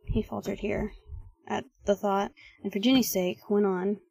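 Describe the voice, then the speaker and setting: A woman narrating fanfiction aloud in calm, steady storytelling. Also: medium pitch, measured pace, vocal fry, slightly rough, dry recording. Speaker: fanfiction reader. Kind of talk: audiobook narration.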